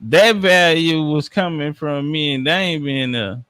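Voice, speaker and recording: A man's voice: a little high, a little slow, fairly bright tone, clean tone, no room sound, clean studio sound. Brash trash-talking man. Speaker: podcast panelist. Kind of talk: boastful casual chat.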